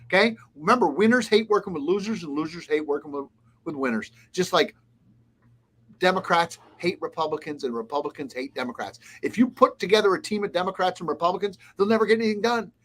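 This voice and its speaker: A man's voice: high voice, fast talker, fairly bright tone. A man, a restaurant consultant, giving blunt, emphatic advice as a guest in a casual interview. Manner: blunt, emphatic, lists points.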